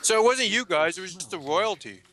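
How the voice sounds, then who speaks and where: Fast-talking ranting guy. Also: high voice, lively intonation, bright, forceful tone. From Canada. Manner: rambling, profane, ranting. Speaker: let's-play co-host. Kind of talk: casual chat over gameplay.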